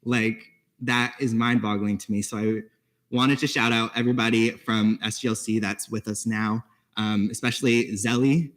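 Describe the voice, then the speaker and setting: A young man, a student senator, giving casual, lightly amused shout-outs at a meeting. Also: fairly low pitch, steady tone, normal speed. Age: young adult.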